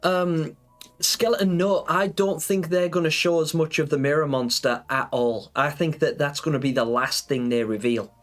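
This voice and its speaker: A man's voice: fairly high pitch, fairly even intonation, normal speed, soft background music. Rambling man chatting on a livestream. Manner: rambling, lots of fillers and restarts; chatty, answers viewers. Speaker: gaming livestreamer. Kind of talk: casual live-stream chat.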